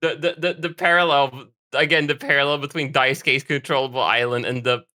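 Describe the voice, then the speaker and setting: Bright-voiced podcast co-host, opinionated. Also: medium pitch, fairly even intonation, fairly quick. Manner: opinionated, swears often, trails off with "I don't know". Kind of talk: casual podcast chat.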